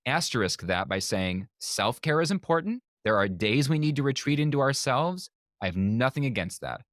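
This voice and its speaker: A man telling a story as a guest on a podcast interview, animated and lively, acting out the people he quotes. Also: fairly low pitch, no echo, studio quality. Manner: lively storyteller who acts out quoted voices. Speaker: guest, magician and speaker.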